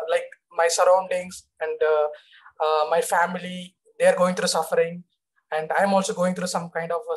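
A man's voice: high voice, rough recording. Hesitant man asking questions on a call. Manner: hesitant, many uhs. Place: online video call.

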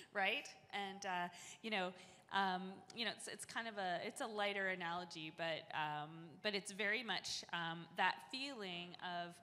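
A woman's voice: mid-range voice, moderate pace, sharp tone. A woman moderating a panel in a chatty, conversational way, telling stories with lots of fillers. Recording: echoey hall with faint noise.

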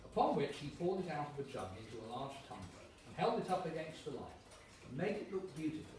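A man giving a live reading at an evening event in a gallery, animated and stopping for fillers and restarts as he explains. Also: fairly high pitch, quick pace. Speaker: reader. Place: gallery room. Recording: echoey room, mic at a distance, faint noise.

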